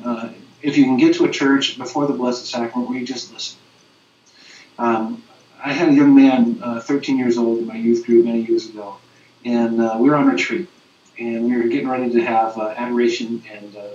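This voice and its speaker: An earnest webinar moderator, who is also a youth minister, tells stories conversationally in a halting way with frequent restarts. His voice is medium-pitched and a little mellow. The webinar audio is distant, roomy, dull and lo-fi.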